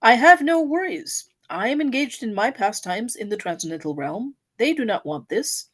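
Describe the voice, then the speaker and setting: Woman reading a carefree, teasing male god; raise the pitch a little. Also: expressive, normal speed, slightly rough. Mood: unconcerned. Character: Krishna, a serene male god at play.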